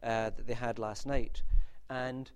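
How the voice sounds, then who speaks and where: A man's voice: medium pitch, little pitch movement, slow pace, slight background noise. A man lectures on literary theory. His delivery is wry and discursive, with asides and restarts. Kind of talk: university lecture. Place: lecture room.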